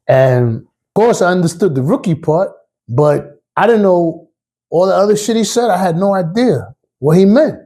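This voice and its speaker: A man's voice: high voice, expressive, a little slow, warm tone. A man, a retired police officer telling stories in a casual, streetwise way and acting out the voices. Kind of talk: personal storytelling.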